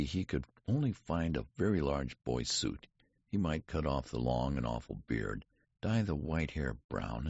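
Very deep, gravelly male audiobook narrator. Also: dry recording. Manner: lively, character-voiced reading. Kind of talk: scripted narration. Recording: dry, slightly dull audiobook recording.

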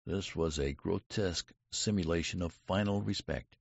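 A man reading a story aloud as an audiobook narrator, measured and deliberate, with small shifts of voice for the characters. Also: low voice, gravelly, darkish tone, husky, dry recording, dull audio. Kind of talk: scripted narration.

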